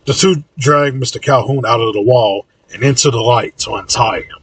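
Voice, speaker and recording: A man reading his own audiobook in an even, low-key narration. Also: normal speed, slightly rough, no echo, far from the mic, poor audio.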